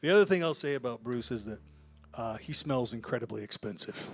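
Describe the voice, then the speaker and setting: A man's voice: mid-range voice, lively intonation, a little fast, over loud music. A man who is a singer-songwriter, telling a casual, self-deprecating story between songs on a small club stage, laughing often and swearing now and then. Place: small live music club, Houston. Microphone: stage vocal mic.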